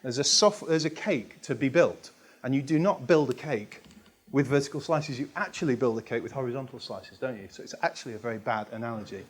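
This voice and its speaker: Male agile trainer, mid-pitched, chatty and rambling, self-deprecating. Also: fairly quick, breathy edge. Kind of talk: casual explanatory talk.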